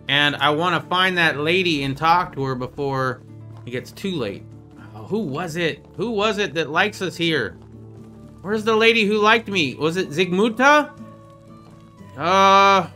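A man with a high, bright, forceful voice gives casual gameplay commentary as the show's host. He is chatty and playful and pokes fun at himself. Faint music plays underneath him. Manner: chatty, playful, jokes at his own expense. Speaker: gaming video host.

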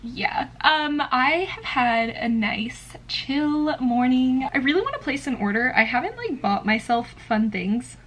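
A woman's voice: high voice, animated, a little slow, few pauses, fairly bright tone, slight background noise. A woman chatting casually in a home vlog about books and her day, using lots of "like". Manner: chatty, filler-heavy, lots of "like". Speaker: book vlogger.

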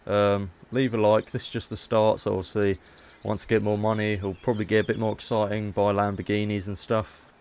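A man's voice: fairly low pitch, little pitch movement, fairly quick, hardly any pauses, a little mellow, clear, resonant tone. Chatty man commentating a game. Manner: chatty, playful, haggling asides. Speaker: gaming YouTuber. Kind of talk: casual gameplay commentary.

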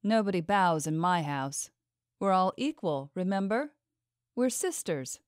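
A woman's voice: fairly low pitch, expressive, a little slow, no room sound, studio quality. A woman playing a cold, manipulative mistress. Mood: coldly probing. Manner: smooth, probing, quietly menacing. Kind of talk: audiobook character voice.

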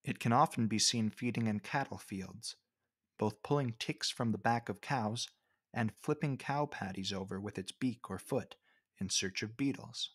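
A man giving scripted narration for a nature video, with a wry, measured storytelling manner. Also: lowish voice, breathy edge, no echo, clean studio sound.

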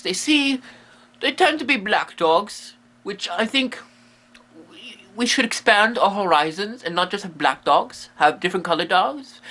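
A man with a high, pushed, bright voice hosts a comedic explainer about monsters while playing a medium. He rambles playfully and goofily, packing in silly asides.

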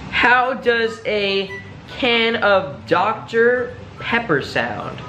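A man's voice: sits high, sing-song, extremely slow, sharp tone, a little hiss or hum. A young man vlogging in a dramatic, exclaiming way, full of slang. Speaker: YouTube creator. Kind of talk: excitable reaction vlog.

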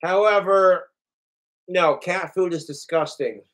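A man's voice: high-pitched, takes it slowly, a bit bright. A man hosting his livestream, ranting casually and profanely, acting out the lines of others. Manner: profane, boastful, acts out quoted lines. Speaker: livestream host.

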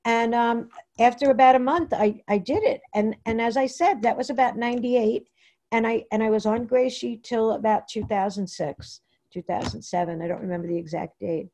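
A woman from Long Island telling her own recovery story at an online meeting, halting and rambling with many fillers and restarts. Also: fairly high pitch, warm tone. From New York, Long Island. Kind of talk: personal share at a Zoom meeting. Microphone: computer mic on a video call.

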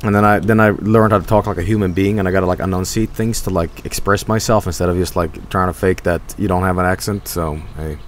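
Lowish-voiced joking male game streamer. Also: fast talker, few pauses, slight background noise. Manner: joking, excitable, swears freely. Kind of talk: casual gameplay commentary.

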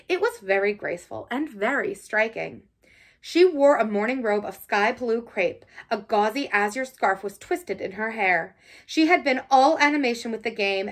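A woman reading a classic novel aloud as an audiobook, narrating in the first person in an expressive, measured way. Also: fairly high pitch. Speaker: audiobook reader.

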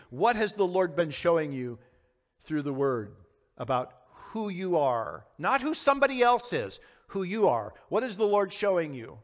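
A man's voice: high-pitched, fairly bright tone. A man teaching a verse-by-verse Bible study as a pastor, earnest and questioning his audience, sometimes acting out quoted lines. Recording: long hall reverb.

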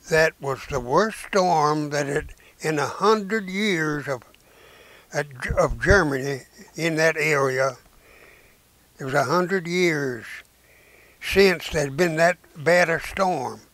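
Gravelly man in his nineties. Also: on the high side, a bit bright, no echo. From Arkansas, United States. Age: 90s. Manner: slow, halting storytelling with many "uh"s and restarts; folksy rural speech. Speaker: war veteran and preacher. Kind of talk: recounting memories in an interview.

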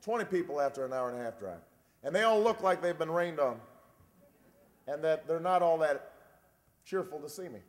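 A man in his forties giving a campaign speech, telling a dry, wry story and then building to a shouted rallying close. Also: fairly high pitch, expressive, moderate pace, pauses often. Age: 40s. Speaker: presidential candidate. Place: large convention hall. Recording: long reverb of a big convention hall.

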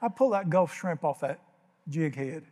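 A man's voice: fairly high pitch, animated, measured pace, mellow, big-room sound, slight background noise. An older man preaching a sermon as pastor, telling folksy stories and acting out the voices. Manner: folksy storytelling, acts out voices.

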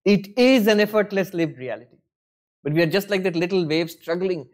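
A monk teaching at a retreat, giving a spiritual discourse in a lively, conversational way, with rhetorical questions and self-mocking humor. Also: male voice, sits high, a little fast.

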